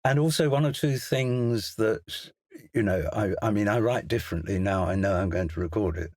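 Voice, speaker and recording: A man's voice: lowish voice, moderate pace, darkish tone, no echo. An older English man, a crime novelist, chatting as a studio guest with a hesitant, self-deprecating manner full of restarts and asides. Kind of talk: casual interview chat. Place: recording studio.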